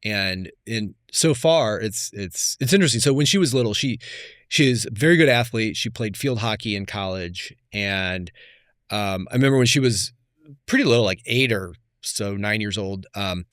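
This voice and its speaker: A man in his fifties, a podcast guest, telling stories in a reflective, conversational way that often trails off softly. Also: on the low side, moderate pace, dry recording, clean studio sound. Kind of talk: casual conversation.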